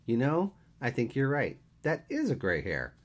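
A man's voice: medium pitch, wildly swooping pitch, moderate pace, pitched above the performer's own voice. A man voicing a dry, patient, teasing friend in a read-aloud story.

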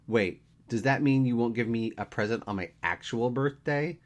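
A man's voice: mid-range voice, moderate pace, voice pushed up, natural voice. A man voicing a whiny, melodramatic man about to turn thirty, in a read-aloud story. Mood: sulky. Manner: whining, theatrical.

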